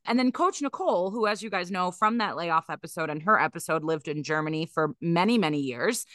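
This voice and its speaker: A woman's voice: lowish voice, lively intonation, brisk, a bit bright, no echo, studio quality. A woman co-hosting a podcast in casual chat, chatty and laughing often, with many fillers. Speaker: podcast co-host. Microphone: podcast mic.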